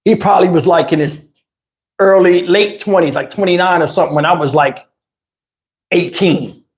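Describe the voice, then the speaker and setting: A man telling stories on his live stream, in a casual, animated way with crude slang and frequent laughter, through a lapel mic. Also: sits high, normal speed. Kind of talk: casual anecdotal storytelling. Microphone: wireless lapel mic.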